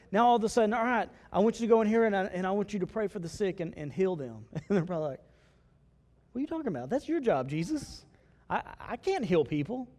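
A high-pitched man delivers an animated sermon from the pulpit. He slips into the voices of the people he quotes as he preaches. His voice rings out with a long reverb in the sanctuary. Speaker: pastor. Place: church sanctuary.

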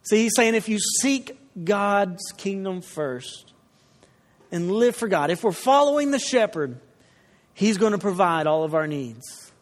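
Man pastor w/ a high voice, chatty storytelling sermon, big echoey church hall. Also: unhurried. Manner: conversational, animated storytelling with asides to the congregation. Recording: long reverb of a large hall.

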